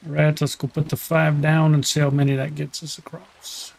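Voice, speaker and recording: A man's voice: a little high, flat delivery, moderate pace, gravelly, darkish tone. A man streaming a survival game, chatting casually and thinking aloud while he plays. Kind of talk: casual gameplay commentary.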